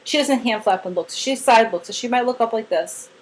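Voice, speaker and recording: A woman's voice: on the high side, a little fast, a little hiss or hum, low-quality recording. A woman giving a casual one-on-one training session to a new team member, chatty and demonstrative as she acts out examples.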